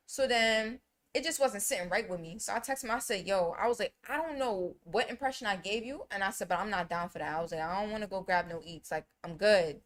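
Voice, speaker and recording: A woman's voice: medium pitch, expressive, fast talker. Slangy young woman telling a story. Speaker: podcast co-host. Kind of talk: casual drunk chat.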